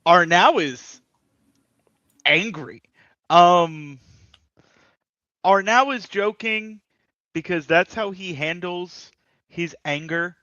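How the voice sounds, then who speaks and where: Slow, bright-toned male player. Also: sits high, dry recording, highs cut off. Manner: joking, halting. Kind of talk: tabletop game table talk.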